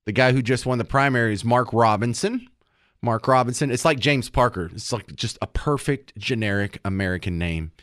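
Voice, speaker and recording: Talk radio host, male, mid-pitched, chatty and opinionated, dry close sound. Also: normal speed, a bit bright, no echo. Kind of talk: casual political commentary.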